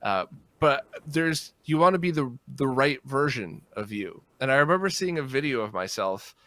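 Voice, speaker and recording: A man who is a musician, a guest in a casual podcast conversation, speaking reflectively and acting out quoted reactions with big jumps in pitch. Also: animated, moderate pace, sharp tone, dry recording.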